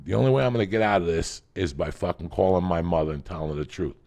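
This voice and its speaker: A man telling a profane comic story as a podcast guest, swinging from loud shouting bursts to low muttering. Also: quick pace. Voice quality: gravelly.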